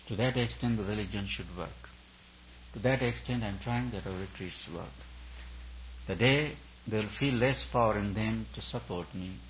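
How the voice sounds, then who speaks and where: Earnest low-voiced man giving a spiritual talk. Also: lo-fi sound, slight background noise. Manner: earnest, repetitive emphatic phrasing. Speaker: spiritual teacher. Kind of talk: spiritual discourse at a retreat.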